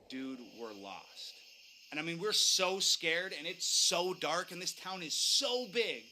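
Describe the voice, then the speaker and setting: Bright-voiced man telling a suspenseful story. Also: a little high, a little hiss or hum. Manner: suspenseful, building tension. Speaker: storyteller recounting a ghost encounter. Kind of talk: dramatic first-person storytelling.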